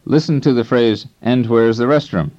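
A man narrating a scripted language lesson as instructor, in a calm, measured teaching tone. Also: mid-range voice. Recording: dull lo-fi tape recording.

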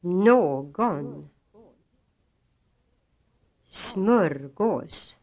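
A woman reads isolated words one at a time so learners can repeat them. Her voice sits slightly low, and she pronounces each word carefully at a very slow pace. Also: animated, a little mellow. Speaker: pronunciation model speaker. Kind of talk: reading single words for repetition.

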